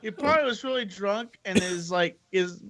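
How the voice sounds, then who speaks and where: High-voiced joking man. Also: animated, moderate pace, fairly bright tone. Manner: joking, laughs along. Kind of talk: casual chat.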